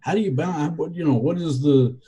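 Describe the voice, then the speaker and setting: A man's voice: a little high, a little fast, warm tone, husky, poor audio. A man giving casual podcast answers, hesitant and rambling with many fillers and a dry, wry humor. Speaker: guest.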